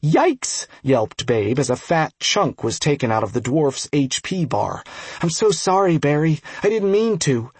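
A man voicing a young female archer in a game, apologetic and quick to yelp. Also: a little high, lively intonation, husky, dry recording. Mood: flustered. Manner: yelping, apologetic.

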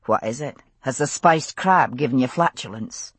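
A woman's voice: very deep voice, lively intonation, moderate pace, breathy edge, no echo, pitched below the performer's own voice, heavily acted. A woman doing a sleepy, teasing Scottish man. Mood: drowsy teasing. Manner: drowsy, wry, gently teasing.

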